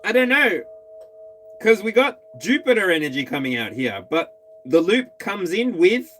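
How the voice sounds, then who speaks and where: A man's voice: high-pitched, sing-song, normal speed, fairly bright tone, a little hiss or hum, rough recording. An Australian man giving an intuitive tarot reading, talking straight to each star sign in a musing, tentative way. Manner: musing, tentative, talks to signs directly. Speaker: tarot reader.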